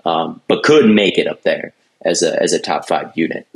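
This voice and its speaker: Podcast host, deep low voice, opinionated, loose casual chat. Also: male voice, normal speed, gravelly. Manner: opinionated, restarts often.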